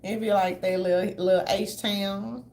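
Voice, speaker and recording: A woman's voice: medium pitch, steady tone, measured pace, a little mellow. A woman from the southern United States doing casual livestream commentary, loose, chatty, blunt and profane as she talks straight to her viewers.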